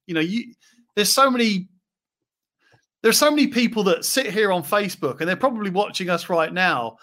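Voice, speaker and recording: A man's voice: sits high, normal speed. A man hosting a live property chat, talking casually with many fillers. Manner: chatty, relaxed, many fillers. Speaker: property investor and host.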